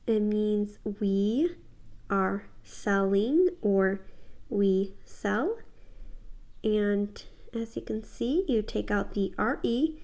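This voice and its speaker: A woman's voice: medium pitch, darkish tone. A young woman teaching a casual spoken language lesson, careful and repetitive, saying words over for practice. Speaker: French teacher.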